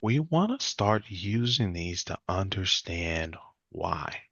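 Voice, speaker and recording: Low gravelly guy teaching a sales class, kinda muffled dry audio, jumps up high when he acts out clients. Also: takes it slowly, no room sound. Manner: energetic, acts out client dialogue with jumps in pitch. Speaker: sales trainer.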